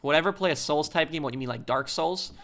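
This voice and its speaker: A man's voice: a little high, fast talker, fairly bright tone. A man who hosts a live stream from the United States, reading viewer comments aloud and answering them in a rambling, opinionated way while he plays.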